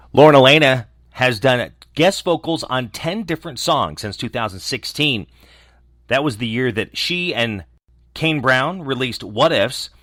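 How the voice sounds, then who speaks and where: Male news host, animated pitch, dry close sound, scripted roundup, chatty asides. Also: dry recording. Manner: lively, lightly conversational read.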